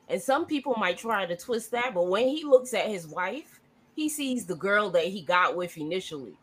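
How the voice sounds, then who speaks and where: A woman on a review panel, talking in an animated way and acting out what others said. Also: medium pitch, moderate pace, breathy edge. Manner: animated, acts out quotes. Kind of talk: casual panel discussion.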